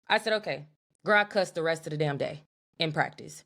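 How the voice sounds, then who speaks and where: A young woman co-hosting a podcast, telling an animated, profane story in a casual chat. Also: deep voice, a little fast. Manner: animated, profane, talks to her co-host as "girl". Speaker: podcast co-host.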